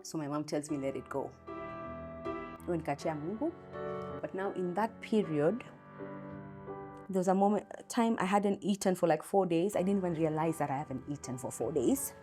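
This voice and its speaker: A woman's voice: lowish voice, normal speed, long pauses, mellow, faint music behind. A young Kenyan mother telling a raw, candid personal story about a hard day.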